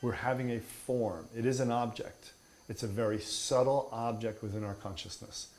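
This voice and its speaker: A man's voice: medium pitch, moderate pace, a little mellow. A man teaching meditation in an emphatic, playful way, mixing in humor and mockery. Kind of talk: spoken teaching.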